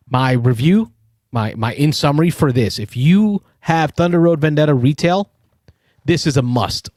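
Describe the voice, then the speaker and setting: A man's voice: mid-range voice, darkish tone. A man with a mid-range voice co-hosts a board game call-in show. He explains things in detail, correcting himself along the way, and grows enthusiastic as he gives his verdict. The sound is dry, with little room echo. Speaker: co-host reviewing a board game expansion. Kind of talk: casual review chat.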